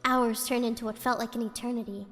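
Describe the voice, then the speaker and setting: A woman's voice: on the high side, steady tone, fast, fairly bright tone, long reverb tail. A woman streamer reading a spooky story aloud in a casual way, giggling often and breaking off to chat.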